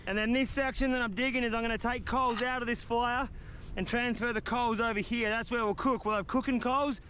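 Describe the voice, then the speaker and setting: A man's voice: very high-pitched, steady tone, a little fast, pushed and bright, slight background noise. A man with an Australian accent narrating an outdoor survival vlog, upbeat and explaining each step as he works. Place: outdoors on a coastal cliff.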